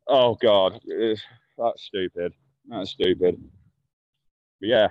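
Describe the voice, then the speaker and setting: This young male guest speaks at normal speed in a low voice with lively intonation and long pauses, spinning casual stories full of profanity and blunt remarks, voicing other people's lines. The audio is dull with no echo.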